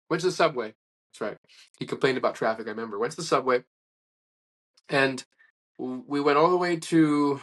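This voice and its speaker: A man's voice: a little high, breathy edge. A man being interviewed, telling stories in a casual, rambling way with many restarts and quoted dialogue. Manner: rambling, animated anecdotes with restarts and acted-out quotes. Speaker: interview guest. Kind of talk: casual conversational storytelling.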